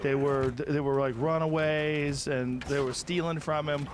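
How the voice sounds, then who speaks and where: A man co-hosting a casual chat, relaxed and laughing while telling anecdotes. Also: on the high side, measured pace, noisy background. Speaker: podcast co-host.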